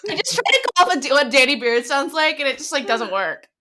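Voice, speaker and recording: A woman's voice: high voice, very animated, a little fast, pushed and bright. A woman co-hosting a podcast, chatting casually and laughing at herself. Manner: self-deprecating, laughing. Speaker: podcast co-host.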